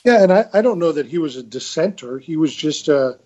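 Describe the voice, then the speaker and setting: Older male panelist on a muffled remote line, measured and halting, lots of "uh.". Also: a little high, expressive, dark tone. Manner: measured, hesitant, many fillers. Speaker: retired Marine colonel, panelist. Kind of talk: casual panel discussion.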